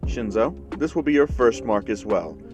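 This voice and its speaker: A man's voice: mid-range voice, expressive, normal speed, music in the background, natural voice. A man voicing a pompous, scheming male mouse principal who issues threats in a fan story. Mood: haughty scheming. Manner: haughty, threatening.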